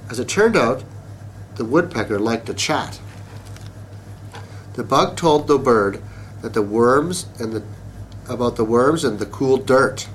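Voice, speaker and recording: A man reading a children's story aloud in a slow, expressive way. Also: mid-range voice, slight background noise.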